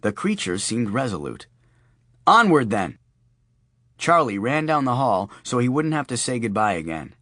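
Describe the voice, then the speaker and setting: Animated male audiobook narrator. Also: mid-range voice, normal speed, hardly any pauses, dry recording, clean studio sound. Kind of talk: scripted narration.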